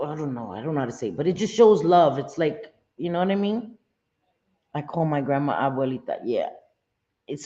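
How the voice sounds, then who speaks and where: A woman's voice: fairly low pitch, warm tone, dull audio. Chatty middle-aged woman on a livestream. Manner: chatty, laughs often, restarts. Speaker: livestream host. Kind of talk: casual live chat.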